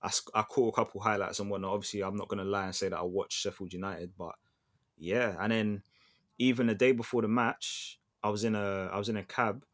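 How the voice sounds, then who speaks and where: A man's voice: lowish voice, steady tone, a little fast, a bit bright. A man co-hosting a football podcast, telling stories in a loose, slangy, chatty way. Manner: chatty storyteller, slangy, restarts often. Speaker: podcast co-host. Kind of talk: casual football chat.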